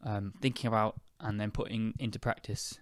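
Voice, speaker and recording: Slow, clear British man teaching English. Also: lowish voice, little pitch movement, no echo, clean studio sound. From United Kingdom. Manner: slow, clear, chatty with fillers. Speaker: podcast host and English teacher. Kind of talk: casual spoken lesson.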